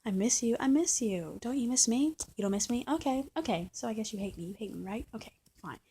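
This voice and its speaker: A woman mimicking an erratic young woman on the phone, who is needy, whiny and quick to take offense. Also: mid-range voice, mellow, slight background noise, lightly acted. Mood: clingy.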